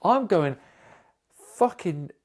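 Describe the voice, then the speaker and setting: A man's voice: sits high, takes it slowly. Sweary storytelling British man. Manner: swearing, animated storytelling with quoted dialogue. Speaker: podcast co-host. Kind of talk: casual chat.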